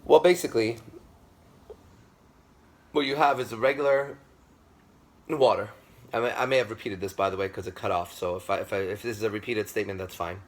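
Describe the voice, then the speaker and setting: A man's voice: lowish voice, fairly even intonation, fairly quick, long pauses. A man giving a classroom lecture, speaking with emphasis, repeating himself and checking that the class agrees.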